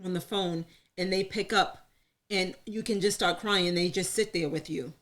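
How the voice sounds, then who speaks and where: With a lowish, slightly bright voice at a moderate pace, this woman co-hosts a live talk circle in front of an audience. She's chatty and frank about personal things, laughs readily, and owns up to being an oversharer.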